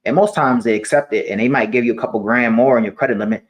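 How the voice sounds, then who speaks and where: A man in his twenties talking casually to camera about money, relaxed and slangy, often repeating his points. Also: medium pitch, quick pace, highs cut off. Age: 20s. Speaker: personal finance vlogger.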